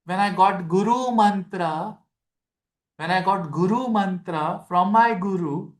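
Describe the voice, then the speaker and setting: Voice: medium pitch, slow. An astrology teacher with an Indian accent giving a live class, explaining step by step, repeating key phrases and mixing Hindi into English while quizzing students. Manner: addresses students directly with questions. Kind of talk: live masterclass lecture. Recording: echoey room.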